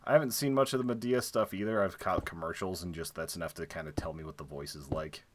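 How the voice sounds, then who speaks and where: A young man with a low-sitting voice talks fast while streaming a building game. He chats casually and jokes around with lots of fillers, counting blocks under his breath.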